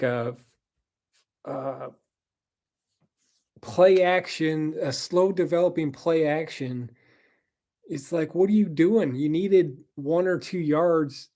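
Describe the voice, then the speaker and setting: A man's voice: on the high side, a little mellow. Tired, rambling man recapping football. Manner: rambling, frank, swears, frequent ums. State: tired, yawning. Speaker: podcast host. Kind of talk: casual sports recap monologue.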